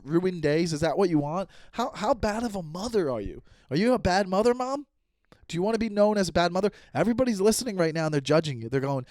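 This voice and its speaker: A male comedy podcast host rants through an exasperated comic monologue, acting out both sides of conversations. His voice sits high, with lively intonation and a darkish tone, and he talks fast. The recording is clean studio sound with no echo.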